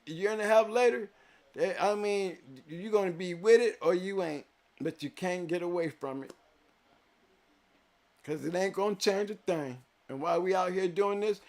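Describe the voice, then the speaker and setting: On his live show, a host with a notably high voice chats to viewers, hammering and repeating his points for emphasis. His delivery shifts between loud, emphatic pronouncements and low, quiet moments of reflection.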